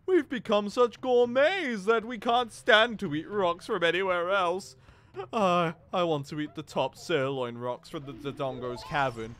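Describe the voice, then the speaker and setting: A man's voice: sits high, measured pace, fairly bright tone. A man streaming a video game, joking casually and stammering over his words.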